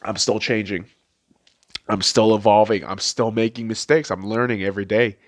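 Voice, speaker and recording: A man from Las Vegas, USA, in his late twenties, speaks at a moderate pace with a lowish voice and fairly even intonation. As a podcast host delivering an emotional personal monologue, he's profane, repetitive, and tearing up over a memory.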